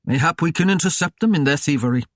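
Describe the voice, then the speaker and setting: A reader voicing a stern warrior lord laying out a plan in an audiobook. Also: male voice, on the high side, expressive, fast, dry recording, clean studio sound, lightly acted. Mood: resolute.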